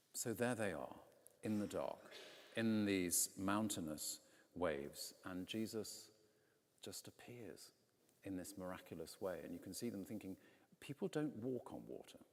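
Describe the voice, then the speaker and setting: A man, a vicar, preaching a conversational sermon from a pulpit, telling the story with lively quoted voices. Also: low voice, unhurried, long pauses. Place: large stone church, in a pulpit. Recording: long church reverb.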